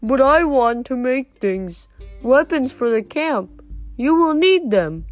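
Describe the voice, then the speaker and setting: A woman voicing a gentle young male cyclops who speaks slowly in short, halting phrases. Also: high-pitched, sing-song, soft background music, voice pushed up, exaggerated voice. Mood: earnest. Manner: slow, halting, simple phrasing.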